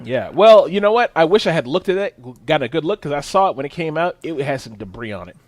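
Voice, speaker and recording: High-voiced man telling a wild story. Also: fast. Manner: animated, profane storytelling with voice jumps. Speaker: podcast co-host. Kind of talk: casual podcast chat, storytelling.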